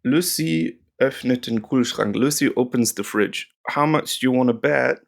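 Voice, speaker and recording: Brief: Northern Irish male tutor, mid-pitched, gravelly, rambling and informal. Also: normal speed. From Northern Ireland. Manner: rambling, chatty, with frequent ums. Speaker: language teacher. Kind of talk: casual language lesson.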